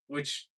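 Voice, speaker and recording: Halting young man doing stand-up. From Seattle. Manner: deadpan, halting, many filler words. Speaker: stand-up comedian. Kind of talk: stand-up set at an open mic. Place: small comedy club room.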